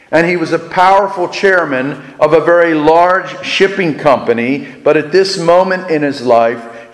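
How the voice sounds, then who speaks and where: A male preacher telling a sermon story, slow and deliberate, leaning on dramatic pauses. His voice sits slightly high, and it rings out with the long reverb of a big hall.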